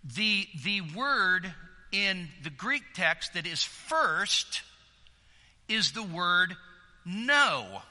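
A man preaching with a high, very bright voice that rings out through a large hall. He talks slowly and earnestly, leaning on key words and circling back on phrases as he builds each point. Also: sing-song. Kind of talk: sermon.

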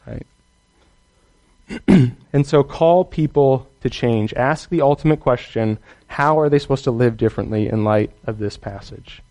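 A man's voice: medium pitch, normal speed, a little mellow. Earnest man teaching on preaching. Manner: earnest, emphatic, often asks "right?". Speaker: Bible teacher. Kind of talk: teaching on how to preach to children.

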